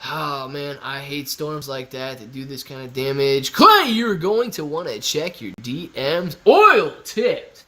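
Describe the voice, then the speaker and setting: A man's voice: a little high, very animated, a little slow, hardly any pauses, pushed and bright. A young man from Ohio hosting a casual live stream, reading chat aloud and answering in a loose, upbeat bro-ish way. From Ohio, USA. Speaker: livestream host answering chat.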